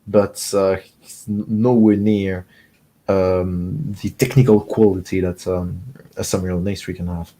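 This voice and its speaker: A man's voice: low voice, little pitch movement, a little slow, warm tone, poor audio. A man chatting casually about football as a guest on a call-in podcast, rambling with many fillers and restarts. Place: home room mid-move.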